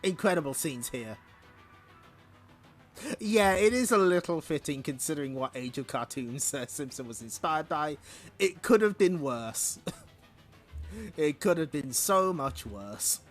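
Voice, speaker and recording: A man hosting a stream, reading a comic aloud in an animated way and laughing often between lines. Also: a little high, a little slow, pauses often, soft background music. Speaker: stream host.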